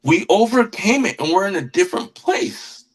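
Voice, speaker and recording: A man's voice: sits high, big pitch swings, moderate pace, low-quality recording. A man who is a guest musician on a podcast, talking with earnest passion and often repeating words as he searches for them. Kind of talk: casual podcast conversation.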